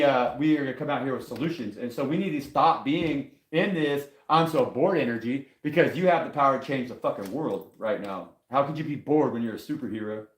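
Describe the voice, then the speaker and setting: Guy doing a live tarot reading, cussing a ton and rambling, sounds like an echoey room. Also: medium pitch. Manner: profane, rambling and excitable. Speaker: tarot reader on a live stream. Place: at a table.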